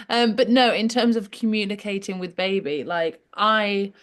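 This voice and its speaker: A mother shares her own birth experience in a relaxed group chat. She speaks softly and confidingly, often stopping and restarting. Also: mid-range voice, moderate pace. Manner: hesitant, restarts, soft and confiding. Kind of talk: casual group discussion.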